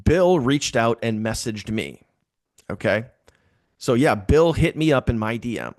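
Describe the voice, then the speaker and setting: A man telling a casual story to his team, animated and repeating phrases for emphasis. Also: medium pitch, a little slow, dry recording, studio quality.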